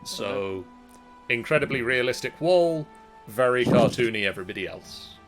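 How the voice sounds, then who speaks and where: A man's voice: mid-range voice, animated, normal speed, music in the background. A man hosting a live-streamed tabletop game as game master, casual, joking and a little scattered.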